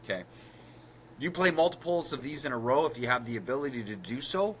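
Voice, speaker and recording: A man's voice: medium pitch, lively intonation, a little fast, slight background noise. A man co-hosting a card game podcast, walking through the math of card plays step by step and correcting himself as he goes. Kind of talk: casual explanatory chat.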